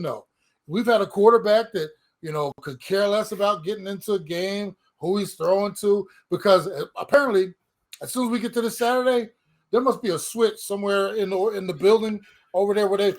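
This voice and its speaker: A man's voice: sits high, a little fast. A middle-aged man and former player co-hosting a casual sports podcast, talking emphatically and restarting words as he goes. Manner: animated, emphatic, repeats words when starting.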